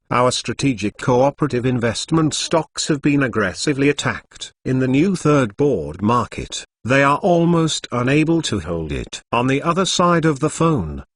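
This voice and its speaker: A man's voice: medium pitch, no room sound, studio quality. A text-to-speech male voice reading a translated web novel and speaking the punctuation marks aloud. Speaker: narrator. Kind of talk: machine-read web novel narration.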